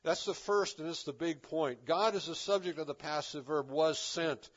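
A man's voice: fairly high pitch, normal speed, fairly bright tone. A man preaches with a slightly raised voice, teaching from the pulpit in an easygoing, conversational way. His words are often loosened by casual fillers and restarts. The recording sounds dull and a bit lo-fi. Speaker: pastor. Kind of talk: expository sermon.

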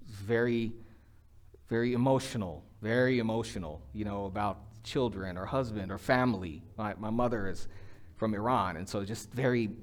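Middle-aged male pastor, mid-pitched, relaxed conversational sermon delivery. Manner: conversational preaching, acts out quotes with rising pitch.

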